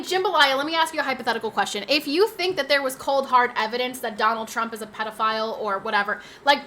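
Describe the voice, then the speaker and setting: A woman's voice: on the high side, bright, forceful tone. A young adult woman streaming from home, chatting casually with her viewers, full of fillers and restarts. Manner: chatty, talks straight to chat with fillers and restarts. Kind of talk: casual live-stream chat.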